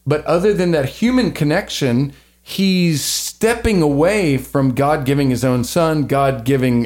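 A man hosting a podcast in casual, opinionated chat, rambling and animated with slangy asides. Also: a little high, unhurried, few pauses. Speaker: podcast host.

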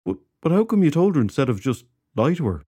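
Earnest young druid, curious and encouraging, lifted pitch, a male narrator voicing him. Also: sing-song, quick pace, warm tone, slightly rough.

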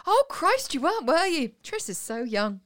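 A woman co-hosting a podcast in casual chat, giggly and animated and quick to laugh. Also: a little high. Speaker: podcast co-host.

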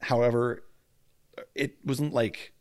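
A man's voice: medium pitch, flat delivery, slow pace, a little mellow, no echo. A man co-hosting a casual true-crime podcast, chatty and jokey, tripping over names as he tells the story. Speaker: podcast co-host. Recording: dry close mic at home, faint outdoor hum.

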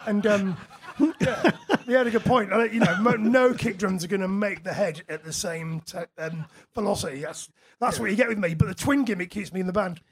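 A man's voice: high voice, fairly quick, breathy edge. A man, a musician guest at a live on-stage Q&A, telling chatty anecdotes with frequent laughter and casual swearing. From England.

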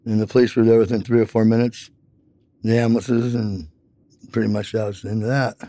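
A man's voice: lowish voice, level tone, brisk, dark tone, no echo. A man telling a long personal account in an interview, rambling with many fillers.

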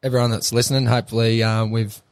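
A man's voice: mid-range voice, level tone, fast talker. A man with an Australian accent, a guest on a podcast, chatting in a laid-back way. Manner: laid-back, laughing along. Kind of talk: casual banter.

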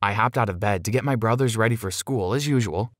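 A man narrating a first-person story in an expressive, dramatic way. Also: lowish voice, fast talker, dry recording, studio quality.

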